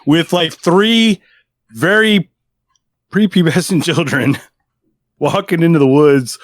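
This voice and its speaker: A man co-hosting a podcast, trading jokes in animated banter. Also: fairly high pitch, slow, no echo. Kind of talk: casual chat.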